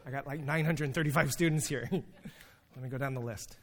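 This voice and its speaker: A man preaching a sermon, telling stories with humor, emphatic pauses and sudden bursts of energy. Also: medium pitch, a bit bright. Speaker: preacher and teacher.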